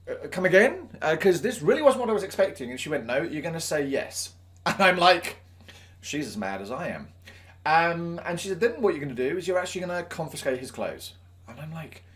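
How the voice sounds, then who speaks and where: Guy, teacher vlogging, chatty story, acts out all the lines. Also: mid-range voice. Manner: animated, acts out dialogue in quotes. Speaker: teacher and video host. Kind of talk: casual storytelling to camera.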